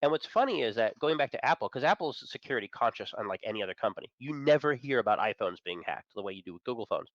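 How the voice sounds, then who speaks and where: Fast-talking opinionated man on a dull line. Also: mid-range voice, animated, no room sound. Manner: fast, enthusiastic, opinionated, chuckles between points. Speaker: guest, managing editor of an entertainment and tech site. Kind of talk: casual chat.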